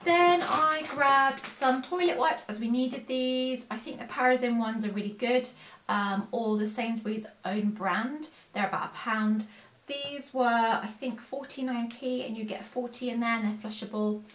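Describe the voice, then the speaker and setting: A woman's voice: on the high side, measured pace, a bit bright. Chatty woman vlogger in an echoey room. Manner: chatty, rambling and self-mocking. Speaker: haul vlogger. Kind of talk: casual chat to camera.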